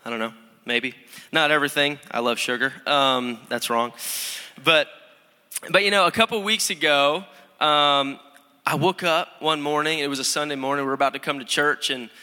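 Stuffed up with allergies, a young man serving as a student pastor gives a chatty, self-mocking sermon full of restarts in a church sanctuary. His voice is a little high, fairly even, pushed, bright, clear and resonant, at a moderate pace, with long hall reverb.

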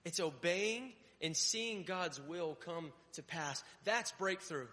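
A young adult male pastor from Connecticut preaches a sermon built around personal stories, acting out his own inner thoughts aloud. His slightly high voice is animated, slow, pushed and bright, and the recording carries a long hall reverb.

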